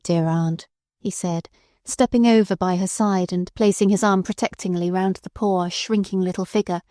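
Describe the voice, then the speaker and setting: A woman narrating an audiobook with expressive storytelling. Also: medium pitch, no room sound, clean studio sound. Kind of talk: scripted narration.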